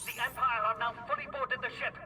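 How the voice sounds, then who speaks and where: An actor playing a starship captain making dry, deadpan intercom announcements. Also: male voice, very high-pitched, fairly quick, crowd noise. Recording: game audio from a distance. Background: game music.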